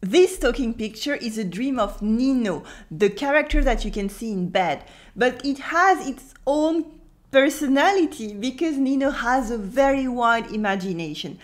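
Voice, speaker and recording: A French woman from France teaches spoken French in a scripted video lesson, fairly high in pitch. She explains calmly and slows down to demonstrate each pronunciation.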